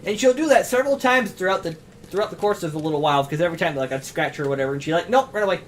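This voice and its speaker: A man streams a video game with casual, rambling let's-play commentary, talking to his cat between moves. His voice is on the high side and racing, with slight background noise.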